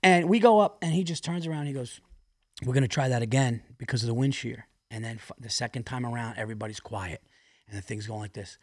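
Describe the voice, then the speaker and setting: A man who is a comedian, guest on a podcast, telling stories with animated energy, acting out other people's lines and laughing often. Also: medium pitch, dry recording, clean studio sound. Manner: frequent laughter and quick restarts. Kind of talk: casual podcast chat, animated storytelling.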